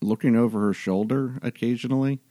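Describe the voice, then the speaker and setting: A man narrating and running a tabletop role-playing game in a relaxed, halting way with many fillers. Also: mid-range voice, dry recording. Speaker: game master.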